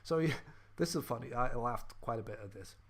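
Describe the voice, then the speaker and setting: A man's voice: medium pitch, moderate pace, a bit bright. A man hosting a podcast, ranting profanely and animatedly about a film in casual chat, with lots of fillers. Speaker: podcast host.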